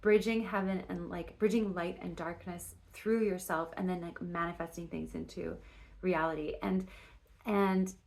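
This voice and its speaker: A woman's voice: fairly low pitch, fairly even intonation, moderate pace, darkish tone. A woman giving a casual spoken tarot reading, rambling and restarting her sentences, with frequent fillers and casual swearing. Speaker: tarot reader.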